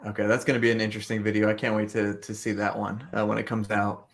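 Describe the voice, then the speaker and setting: A man's voice: on the low side, completely flat delivery, fast talker. A man hosting a casual podcast, easygoing and a bit hesitant, with plenty of ums. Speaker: podcast host.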